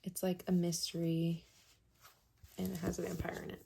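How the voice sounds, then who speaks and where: A young woman chatting casually in a book vlog, soft-spoken and dropping often into a whisper, with plenty of filler words. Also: fairly low pitch, moderate pace, creaky, noisy background. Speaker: book vlogger. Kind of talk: casual reading vlog chat.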